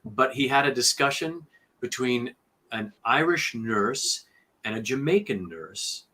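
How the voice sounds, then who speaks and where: A man who narrates audiobooks, telling studio stories in a lively interview with lots of fillers and restarts. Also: mid-range voice, measured pace. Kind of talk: conversational storytelling interview.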